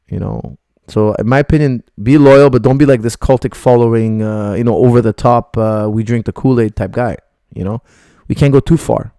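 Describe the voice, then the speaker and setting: Middle-aged coach guy, gravelly and dark, blunt rambling livestream q&a. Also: mid-range voice, no echo, clean studio sound. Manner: blunt, rambling, reads out viewer questions. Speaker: martial arts coach. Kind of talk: live Q&A stream.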